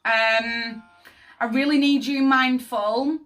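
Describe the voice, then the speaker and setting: Bright-voiced emotive woman tarot reader. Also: a little high, steady tone, slow pace. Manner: emotive, repeats "does that make sense". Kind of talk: channelled tarot reading. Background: faint background music.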